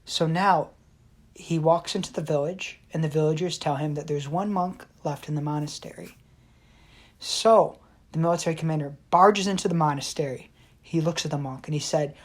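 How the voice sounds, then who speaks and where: A woman co-hosting a podcast tells teaching stories in an earnest, measured way. Her voice is low for a woman. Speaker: podcast co-host. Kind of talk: storytelling in a casual chat.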